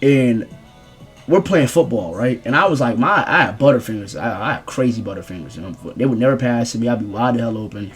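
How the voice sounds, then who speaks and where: A young man rambling through a casual storytime vlog in slangy, animated speech. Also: medium pitch, brisk, husky, soft background music. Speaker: streamer telling a story.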